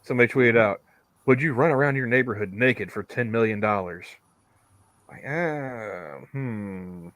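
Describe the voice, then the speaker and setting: A man's voice: medium pitch, measured pace, a bit bright, no echo. A man co-hosting a podcast, rambling casually, repeating his words and laughing often. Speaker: podcast co-host. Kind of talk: casual chat.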